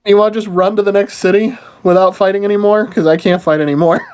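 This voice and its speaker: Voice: mid-range voice, fairly even intonation, quick pace, darkish tone, smooth. A player chatting casually during a tabletop game.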